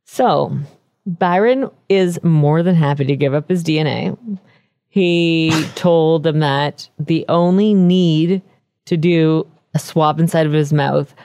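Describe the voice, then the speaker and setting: A woman's voice: sits low, slow pace, warm tone, no room sound, studio quality. Giggly woman co-hosting a podcast. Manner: giggly, laughs often. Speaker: podcast co-host. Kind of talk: casual true-crime chat.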